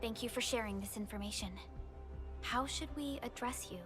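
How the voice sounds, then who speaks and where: An actress playing a composed young field leader in a game, speaking politely and in a businesslike way. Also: female voice, on the high side, moderate pace, a bit bright, close to an everyday voice. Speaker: game character. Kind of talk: game voice acting. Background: faint game music.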